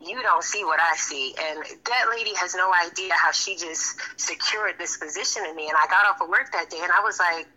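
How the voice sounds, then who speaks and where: Bright-voiced woman nurse telling stories. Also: on the low side, fairly quick, few pauses, low-quality recording. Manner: animated storyteller, acts out quoted voices. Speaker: registered nurse, interview guest. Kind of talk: heartfelt conversational interview.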